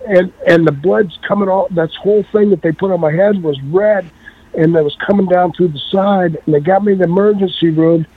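A man telling a long story in a casual, animated way and acting out the voices of the people in it. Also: sits high, a little fast, slightly rough, no echo. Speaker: guest. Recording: tinny phone-like line.

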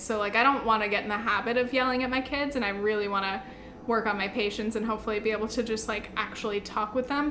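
A woman co-hosting a casual couple's podcast who laughs often and swears casually; her voice turns shrill when she stresses a point. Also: a bit bright, a little hiss or hum. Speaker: podcast co-host. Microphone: studio microphone.

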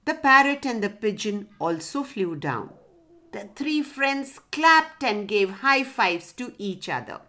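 A woman narrating a children's story in a gentle, expressive storybook style. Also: medium pitch, slow.

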